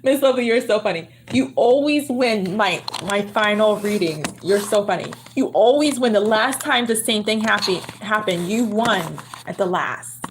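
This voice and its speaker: A woman hosts a tarot reading livestream in a loose, laughing chat with her viewers. Her voice sits in a middle pitch and her throat sounds a little worn. Clear background noise runs under the home recording. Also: lively intonation, normal speed, hardly any pauses. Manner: chatty, laughs often, teasing; lowers her voice to a hush. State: throat getting sore. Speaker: tarot reader.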